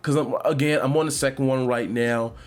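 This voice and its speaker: A man talks loosely on his own podcast, wandering off topic and circling back with plenty of fillers and restarts. His voice sits at an ordinary middle pitch, relaxed and conversational. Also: a little fast. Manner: rambling, animated, many fillers and restarts. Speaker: podcast host. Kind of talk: casual gaming chat.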